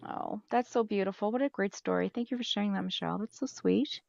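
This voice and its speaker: A woman's voice: medium pitch, fast, gravelly, darkish tone, no room sound. A woman co-host reacting in casual chat with short, encouraging responses. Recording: dull dry lo-fi sound.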